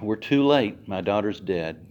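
A man's voice: a little high, expressive, moderate pace, dull audio, a little hiss or hum, pitched above the performer's own voice, natural voice. A man preaching who voices a desperate, anxious father pleading for help to come. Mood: resigned. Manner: pleading, strained.

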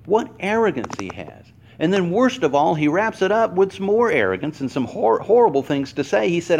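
A man preaching a sermon to a congregation, explaining word meanings slowly and stressing each word. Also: gravelly. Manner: animated, acts out quoted lines with pitch swings. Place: church hall before a congregation.

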